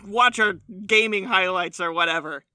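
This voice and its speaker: A young man co-hosting a podcast with a high, very bright, sharp voice. He jokes and exaggerates, swearing casually. The sound is close and dry. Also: normal speed, clear, resonant tone, no room sound. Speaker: podcast co-host. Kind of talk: casual chat.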